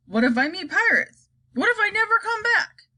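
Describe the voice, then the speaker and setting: A woman reading aloud and voicing an eccentric, bossy grown man piloting a flying glass elevator, brisk and theatrical. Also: very high voice, sing-song, pushed and bright, pitched above the performer's own voice, heavily acted.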